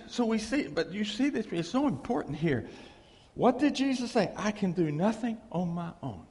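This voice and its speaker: A man preaches an informal sermon in a folksy, lively way. His voice sits high and gravelly and swings widely in pitch. A long hall reverb trails after his words. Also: unhurried. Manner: folksy, animated, acts out dialogue, chuckles often.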